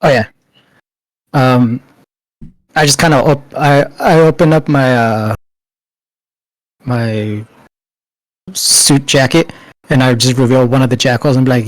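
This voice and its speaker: A man's voice: medium pitch, a little slow, long pauses, no room sound, rough recording. A man playing a tabletop game, talking casually and swearing now and then. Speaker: player.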